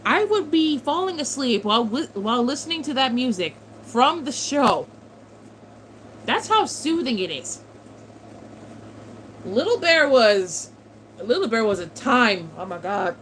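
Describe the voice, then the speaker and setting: A woman's voice: fairly high pitch, very animated, unhurried, pauses often, a bit bright, a little hiss or hum, low-quality recording. A woman in her twenties chatting casually on a livestream, answering chat and swearing freely as she reminisces. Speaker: streamer reading chat.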